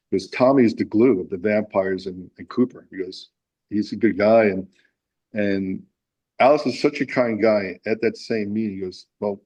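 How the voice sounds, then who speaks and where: A man's voice: on the low side, steady tone, brisk, a little mellow, low-quality recording. A man being interviewed about his music, telling a long, rambling anecdote with many restarts. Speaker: musician guest. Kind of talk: casual interview storytelling.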